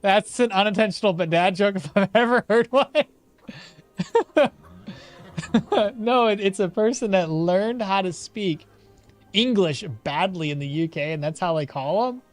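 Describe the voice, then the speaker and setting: A man's voice: high-pitched, unhurried, long pauses, soft background music. A man streaming a game, chatting with his viewers, thinking aloud and laughing often. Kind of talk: casual live-stream commentary.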